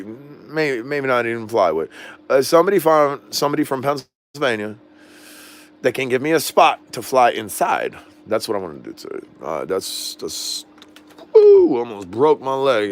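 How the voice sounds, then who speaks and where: A man's voice: medium pitch, fairly bright tone, a little hiss or hum. A man casually vlogging from his home, rambling and losing his train of thought, with a slangy way of talking and a voice he says is off. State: says his voice is not normal. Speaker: drone vlogger. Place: at home indoors.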